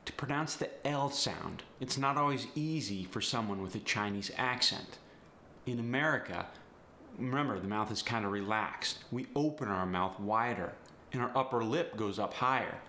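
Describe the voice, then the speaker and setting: A man's voice: medium pitch, moderate pace, sharp tone, a little hiss or hum. A man coaching accents in an upbeat, teasing teaching manner. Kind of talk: instructional video. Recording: roomy echo.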